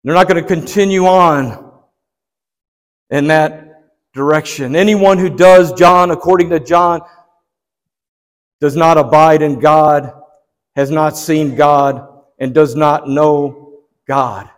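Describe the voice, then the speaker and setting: High-voiced male preacher with echoing reverb. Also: slow, pauses often. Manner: preacher's rising and falling emphasis, rhetorical questions to the congregation. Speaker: pastor. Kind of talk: sermon.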